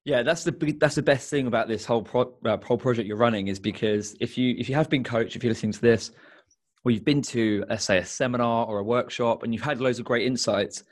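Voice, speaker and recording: A man hosts a casual podcast interview in an even, mid-range voice. He sounds upbeat and friendly and often turns to speak straight to his listeners. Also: medium pitch, fast. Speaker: podcast host.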